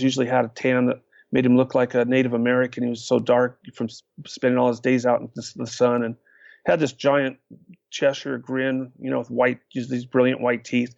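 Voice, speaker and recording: An older man tells stories as a podcast guest, his voice gravelly and steady at a mid pitch. He acts out the quotes and fills gaps with uh. The recording sounds dry and dull. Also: dry recording. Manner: lively storyteller, acts out quotes, many uh fillers. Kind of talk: storytelling in a podcast interview.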